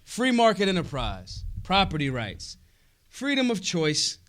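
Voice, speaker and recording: A man speaking at a convention hall with a bright, high, wildly swinging voice. He curses freely and punches his points hard, then drops into quiet asides. The delivery is a rousing political speech. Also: huge pitch swings, a little slow. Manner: profane, emphatic, swings between shouts and low asides.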